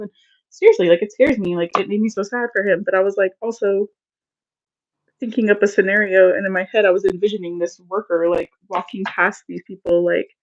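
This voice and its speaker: A woman's voice: medium pitch, steady tone, fairly quick, lo-fi sound. A woman in her thirties, co-hosting a casual live chat, telling stories in a chatty way and laughing easily. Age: 30s. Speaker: co-host of a live stream.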